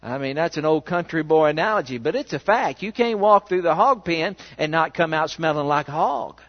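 A male pastor preaching a sermon, telling a story with animated rhetorical questions in a church. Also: on the high side, fairly quick. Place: church sanctuary. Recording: echoey, dull church recording.

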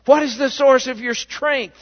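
A man's voice: very high-pitched, steady tone, measured pace, voice pushed up. Coaxing, manipulative woman, pleading, put on by a male preacher; reverberant, dull recording. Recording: echoey, dull church recording.

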